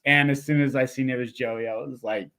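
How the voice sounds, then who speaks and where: Laid-back excited mountain biker guy. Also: mid-range voice, fairly quick, a little hiss or hum. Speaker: guest, mountain bike rider and clinic coach. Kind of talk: casual podcast chat.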